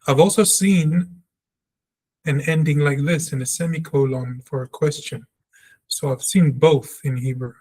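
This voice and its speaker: A man talks through a language lesson at an unhurried pace. He reads example sentences and then explains them. He repeats single sounds several times so they can be practised. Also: fairly high pitch, steady tone, mellow. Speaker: Hebrew teacher. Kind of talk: slow spoken lesson, reading aloud and explaining.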